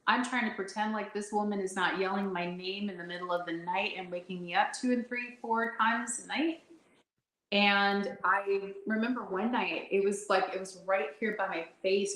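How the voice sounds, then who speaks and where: A woman's voice: mid-range voice, fairly bright tone. A woman in the guest seat tells her own spooky story with lots of life. She laughs often and acts out her own lines and those of others. The sound rings a bit, as in an echoing room. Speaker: guest sharing a paranormal experience. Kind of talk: animated personal storytelling.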